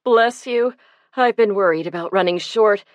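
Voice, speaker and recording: A woman narrator voicing a busy, welcoming woman running a pie sale, bright in tone. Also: medium pitch, moderate pace, no echo, voice pushed up, lightly acted. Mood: friendly.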